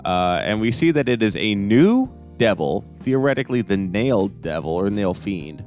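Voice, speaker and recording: A man's voice: fairly low pitch, sing-song, moderate pace, a little mellow, faint music behind. A young man hosting a casual comic review podcast, rambling along with sarcastic asides. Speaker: host.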